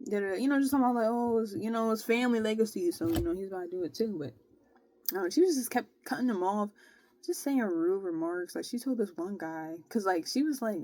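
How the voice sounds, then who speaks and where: A young adult woman vlogger with a mid-range voice talks a little fast as she casually tells a story. She's animated and slangy, packing in filler words and saying "bro" and "like" a lot.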